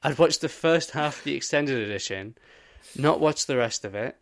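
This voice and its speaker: A young man co-hosting a podcast, telling an animated story in casual chat and swearing often. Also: medium pitch, moderate pace, vocal fry. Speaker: podcast co-host.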